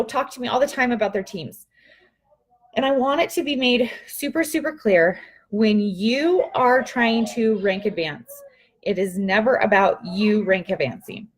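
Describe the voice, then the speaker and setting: Young woman, casual live-stream team coach, upbeat, chatty, laughs a lot, fairly high voice. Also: animated, a little slow, breathy edge. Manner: chatty, upbeat, laughs often, talks to viewers by name. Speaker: team leader giving a live training.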